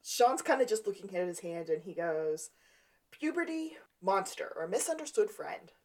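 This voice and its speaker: A woman's voice: fairly low pitch, animated, normal speed, darkish tone. A woman co-hosting a podcast, casually retelling scenes from a TV episode and acting out the characters' lines. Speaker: podcast co-host. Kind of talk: casual recap chat.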